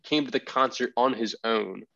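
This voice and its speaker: A man hosting a podcast, telling a story in a rambling, animated way and acting out the people he quotes. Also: mid-range voice, moderate pace, vocal fry, dull audio, a crowd in the background. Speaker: podcast host. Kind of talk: casual storytelling chat.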